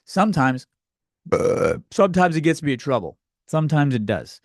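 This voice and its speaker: A man's voice: fairly high pitch, very animated, moderate pace, no echo, studio quality. A man hosting a solo comedy podcast, rambling from thought to thought and poking fun at himself. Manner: rambling, scattered, self-mocking. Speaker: podcast host.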